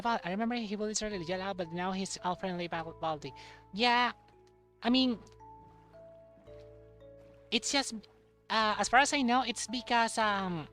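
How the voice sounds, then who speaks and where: A young man streaming a game, chatting casually in a halting way and repeating words. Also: high voice, sharp tone. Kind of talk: casual chat while playing a game.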